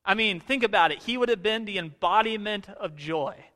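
Bright-voiced man preaching in a hall. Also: high-pitched, normal speed. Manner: conversational, questioning, acts out voices. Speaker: pastor. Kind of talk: sermon with scripture reading.

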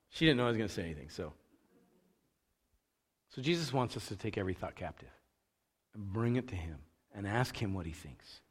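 A man preaching a conversational sermon, casual and animated, acting out the thoughts he quotes. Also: on the low side, moderate pace, long pauses, husky. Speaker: pastor. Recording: long reverb of a large hall.

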